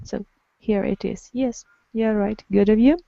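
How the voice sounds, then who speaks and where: A woman's voice: mid-range voice, steady tone, measured pace, vocal fry, no echo, lo-fi sound. Woman teacher repeating students' words. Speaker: online English teacher. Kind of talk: teaching a group class online.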